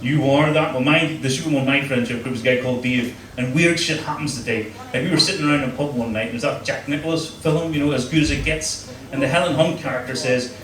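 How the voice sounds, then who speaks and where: A Northern Irish man performs crude stand-up on a comedy club stage, teasing the audience in quick banter. His medium-pitched, slightly bright voice comes fast with few pauses. The distant mic picks up a roomy live venue and a laughing crowd.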